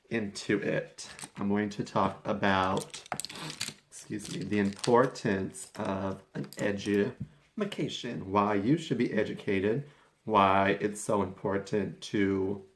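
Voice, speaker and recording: A young man with a fairly low voice chats to camera in a loose, rambling vlog. He circles back on himself and slips into quick asides. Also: slight background noise. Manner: chatty and rambling, with restarts and quoted asides. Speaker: vlogger. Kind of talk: casual talking-head vlog.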